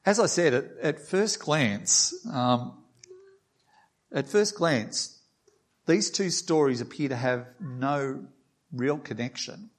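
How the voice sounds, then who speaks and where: A man's voice: mid-range voice, takes it slowly. A man preaching a sermon, reading a passage aloud with small restarts and lightly voicing the quoted lines. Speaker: pastor.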